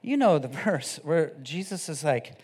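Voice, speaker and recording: A man preaching an off-the-cuff sermon, casual and animated, moving from quiet scripture reading to loud, excited exhortation. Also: a little high, measured pace.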